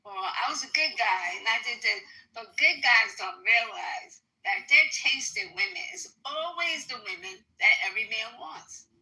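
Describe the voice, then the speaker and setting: A woman speaks frankly and earnestly in a casual group chat, with some cursing. Her voice is fairly high and very bright. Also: animated, moderate pace, few pauses, rough recording.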